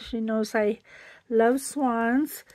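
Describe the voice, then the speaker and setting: A woman's voice: on the high side, fairly even intonation, extremely slow, a little mellow. A woman hosting a casual crafting vlog, chatting and gushing as she unboxes a handmade gift. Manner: gushing, chatty, exclaims over each item. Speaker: crafting channel host.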